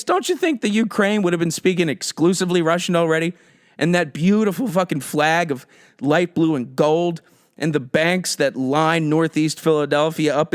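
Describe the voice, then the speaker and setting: Sarcastic, profane man with higher pitch. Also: no echo, clean studio sound. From United States. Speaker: podcast host. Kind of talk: comedic political rant.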